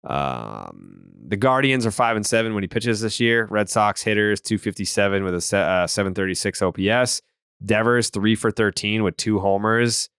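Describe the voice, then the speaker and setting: A man's voice: lowish voice, expressive, normal speed, fairly bright tone, clean tone, dry recording, clean studio sound. A man hosting a casual sports podcast, reading ad copy with a joking edge and rattling off baseball stats. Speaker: podcast host.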